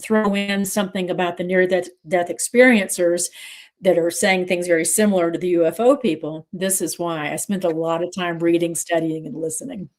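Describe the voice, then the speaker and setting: A woman's voice: fairly low pitch, fairly even intonation, moderate pace. A middle-aged woman, co-host of a livestream talk show, tells a personal story in a reflective, emotional way.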